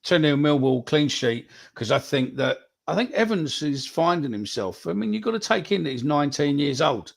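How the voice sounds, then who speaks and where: A man's voice: fairly high pitch, big pitch swings, normal speed, creaky, hardly any pauses. A man, hosting a casual live podcast chat, swearing freely as he reads out viewer predictions. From England. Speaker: podcast host.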